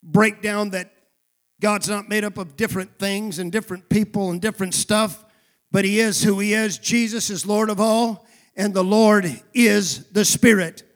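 A male pastor preaching a sermon, calling for responses from the congregation and rising to shouted emphasis. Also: sits high, steady tone, moderate pace. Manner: drops to a quiet aside voice for asides.

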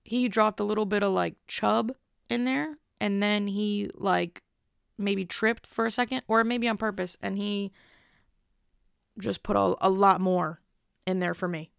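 Young woman with heavy vocal fry. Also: mid-range voice, fairly even intonation, measured pace, no echo, studio quality. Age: 20s. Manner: rambling, self-deprecating storytelling. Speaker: vlogger. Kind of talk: casual monologue to camera.

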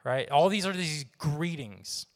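A man preaches in a relaxed, conversational way, tossing questions to the congregation. His voice sits a little high for a man. It rings with a long hall reverb, as in a church sanctuary. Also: unhurried. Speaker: pastor. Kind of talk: sermon.

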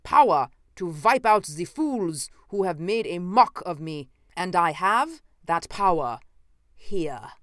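A woman's voice: lowish voice, very animated, takes it slowly, no room sound, studio quality, voice pushed up. A woman reading an audiobook, voicing a menacing male villain who rants and snarls about ruling the world. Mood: ranting. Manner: snarling, triumphant ranting. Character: menacing scheming man, megalomaniac villain.

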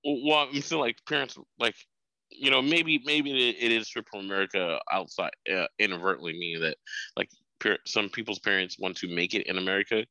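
A man's voice: on the low side, a little fast, sharp tone, no echo, low-quality recording. A man co-hosting a podcast, talking in a laid-back way full of slang and filler phrases. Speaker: podcast co-host. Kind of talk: casual podcast chat.

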